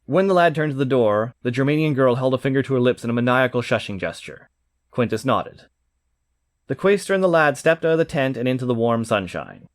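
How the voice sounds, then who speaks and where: Male narrator for comic fiction, animated reading, dry sound. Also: medium pitch, fairly quick, no echo. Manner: lively, expressive reading. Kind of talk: audiobook narration.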